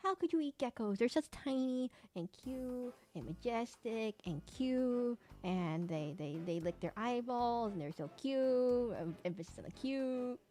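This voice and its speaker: Chatty young woman streamer rambling playfully. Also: mid-range voice. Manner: rambling, playful, talks to chat, hums. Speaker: streamer drawing for chat. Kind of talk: casual chat while drawing.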